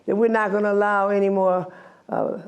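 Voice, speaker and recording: A woman's voice: mid-range voice, flat delivery, moderate pace, close to an everyday voice. An older woman briefly voicing a tough young man who leads a gang, declaring his group's arrival. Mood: defiant. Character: tough young male gang leader, defiant.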